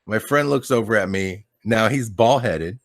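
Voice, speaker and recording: A man's voice: fairly low pitch, moderate pace, dry recording, studio quality. A man in casual chat as a podcast guest, telling a story in a laid-back, rambling way, swearing and laughing often.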